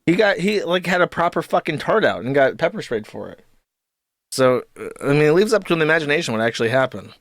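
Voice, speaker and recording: A young man doing live stream commentary, talking in a profane, rambling way with quick asides. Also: a little high, sing-song, a bit bright, no room sound, studio quality.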